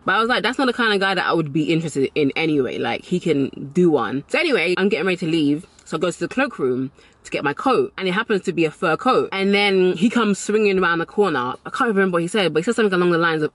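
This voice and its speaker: A woman's voice: on the low side, fast, no echo. A woman giving motivational dating advice to camera, emphatic and repeating key lines for effect, and acting out the voices in her stories. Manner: animated storyteller, acts out quoted voices.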